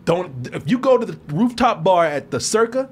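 A man's voice: high voice, moderate pace, slightly rough. A man from Texas, a show host, telling a story in casual chat and acting out the people in it. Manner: animated, acts out the people in his story.

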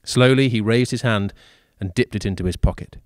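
Low-voiced man reading a story. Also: dry recording, clean studio sound. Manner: even, measured reading with occasional fillers. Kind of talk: reading a short story aloud.

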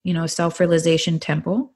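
A middle-aged woman from California, a guest on a podcast interview, telling her personal testimony in an earnest, animated way. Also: low voice, fairly quick, husky.

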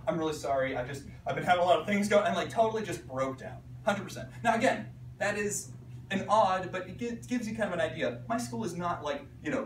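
A man from Pittsburgh, an art teacher giving an animated conference talk to fellow teachers, acting out voices and checking in with "right?" as he goes. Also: high voice, slight background noise. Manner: animated storyteller, acts out voices, frequent "right?". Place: conference room. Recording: echoey room recorded from a distance.

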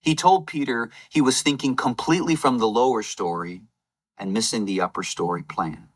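A man preaching a Palm Sunday sermon, retelling scripture as a lively story with playful game-show asides. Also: medium pitch, normal speed. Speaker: lay preacher.

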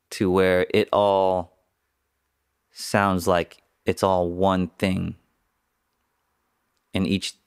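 A slightly sick man with a deep, smooth voice talks through his work in a thoughtful, casual monologue, coughing now and then. He takes his time and pauses to find words. The sound is close and dry. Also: no room sound. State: a little sick, occasional cough. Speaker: podcast host and mixing engineer.

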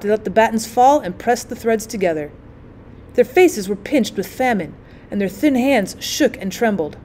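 A woman reading a classic story aloud as a teacher, in a measured and expressive way. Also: a little high, slight background noise. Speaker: teacher and narrator.

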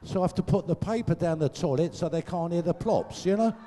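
A man's voice: fairly high pitch, brisk, mellow, slight background noise. An older man telling crude, sweary comic anecdotes to a live audience on a stage microphone, laughing at his own jokes. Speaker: guest storyteller. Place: large venue, live audience show. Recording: echoey hall.

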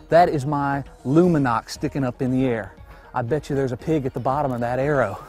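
Breathless, stammering excited bowhunter man. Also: mid-range voice, brisk, soft background music. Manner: breathless, stammering, repeating himself in disbelief. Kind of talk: excited field commentary after a shot. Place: outdoors at night in the woods.

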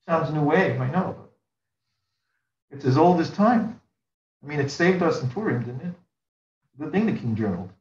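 A man's voice: fairly high pitch, very animated, moderate pace, pauses often. A man, a rabbi, teaching a religious class in a rhetorical way, stacking repeated phrases and rising sharply for emphasis. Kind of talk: religious lecture. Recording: roomy, distant mic, dull sound.

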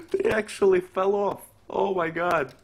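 A man streaming a role-play game, commenting excitedly, swearing and laughing as he plays at his computer. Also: medium pitch, husky.

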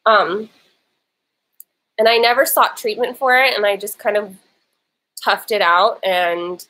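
A woman's voice: mid-range voice, steady tone, unhurried, sharp tone, low-quality recording. A woman vlogger with a lingering cough chatting casually during a live Q&A, sitting on her bed and talking into an old laptop's built-in mic. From lives in Los Angeles. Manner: chatty, interrupted by her small son. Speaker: vlogger answering viewer questions live.

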